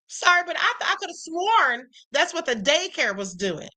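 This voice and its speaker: Woman host, high bright voice, sassy, reacts to clips for her viewers. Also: very animated, moderate pace. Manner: sassy, talks straight to viewers, repeats rhetorical questions. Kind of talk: reaction commentary livestream.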